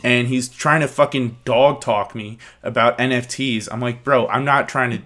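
A man's voice: medium pitch, fairly even intonation, moderate pace, pushed and bright. A young man hosts a loose, casual podcast with a mid-range voice. He rants freely, swears constantly and mocks the people he talks about. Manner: profane, ranting, mocking. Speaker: podcast host.

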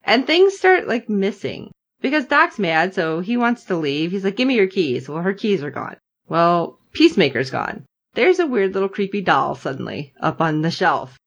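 A woman co-hosting a podcast casually recaps a TV episode, animatedly acting out the characters' lines on both sides of the scene. Her voice is fairly low at a moderate pace, in a muffled recording.

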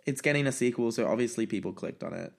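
A man's voice: medium pitch, expressive, quick pace, creaky. A young man co-hosting a podcast in casual chat, wry, swearing casually and laughing easily. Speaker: podcast co-host.

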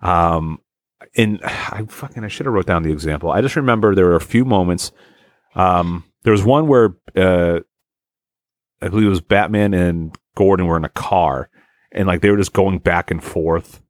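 A man on a casual movie-review podcast, talking in a lively way with fillers and frequent laughs. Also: sits low, normal speed, no room sound, clean studio sound.

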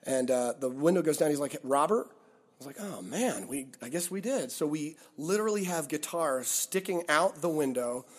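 A touring musician tells stories in a casual interview, animated and acting out the people he quotes. His voice is a little high and his speed is normal.

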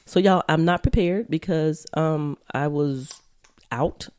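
A woman's voice: sits low, takes it slowly, darkish tone. A young woman co-hosting a podcast, chatting casually and loosely, with frequent cursing. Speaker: podcast co-host. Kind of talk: casual chat. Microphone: headphones on.

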